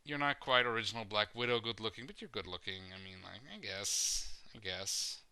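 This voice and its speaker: A man's voice: on the low side, lively intonation, a little fast, pushed and bright, clear, resonant tone, dry recording. A man hosting a podcast, chatting casually and rambling with hedging fillers. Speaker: podcast host.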